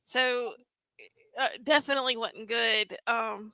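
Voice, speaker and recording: A woman co-hosting a casual podcast, wry and quick to giggle. Her voice is bright and a bit high. The sound is dry and close. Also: steady tone, smooth, dry recording, rough recording. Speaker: podcast co-host. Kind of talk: casual movie review chat.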